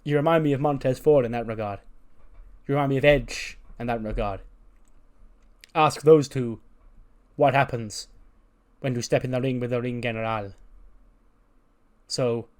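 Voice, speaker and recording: A proud, imposing veteran wrestler, as a man puts him on, loud and lecturing. He talks down to a younger rival in a lofty tone. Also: medium pitch, normal speed, long pauses, clean tone, natural voice. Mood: condescending.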